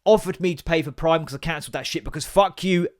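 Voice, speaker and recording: A man hosting a podcast, telling comic stories in a sweary, animated, sarcastic way. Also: fairly high pitch, quick pace, no echo, clean studio sound. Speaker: podcast host. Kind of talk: comic storytelling monologue. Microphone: podcast microphone.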